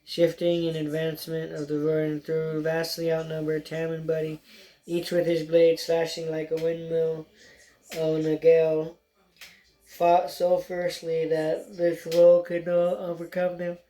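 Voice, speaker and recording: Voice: mid-range voice, completely flat delivery, a little slow, warm tone, rough recording. An audiobook narrator reading a story aloud in a plain way, with stumbles now and then.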